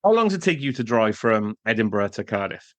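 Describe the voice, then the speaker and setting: A podcast co-host with a low-leaning, sing-song voice talks briskly in a casual film review chat, building his points through asides. The recording has no room sound.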